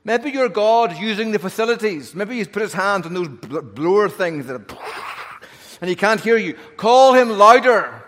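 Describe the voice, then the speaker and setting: A man's voice: sits high, expressive, moderate pace, fairly bright tone, voice pushed up. A man preaching voices the prophet Elijah as a sarcastic, taunting grown man. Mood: mocking. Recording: long hall reverb.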